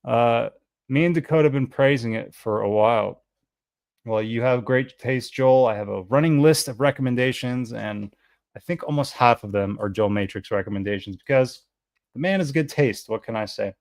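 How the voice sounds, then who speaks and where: An American man hosts a fragrance live stream, chatting casually in a rambling, self-deprecating way. His medium-pitched voice is creaky with a darkish tone, moving at a moderate pace in a dry recording.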